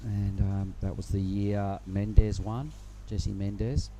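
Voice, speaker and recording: A man commentating live surfing in a relaxed, rambling way. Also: lowish voice, slow, a little hiss or hum. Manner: relaxed, rambling, many fillers. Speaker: surf commentator.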